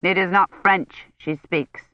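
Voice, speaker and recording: A woman reading a kind young male knight who speaks slowly and over-distinctly. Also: lowish voice, fairly even intonation, no room sound, dull audio, natural voice. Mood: puzzled. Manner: slow, over-distinct, emphatic speech.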